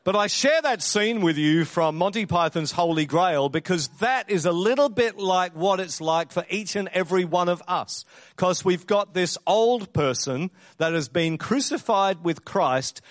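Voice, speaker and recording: A man preaching a sermon in a lively storytelling way, acting out the voices in his anecdotes. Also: high-pitched, dry recording. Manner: animated storyteller who acts out the voices.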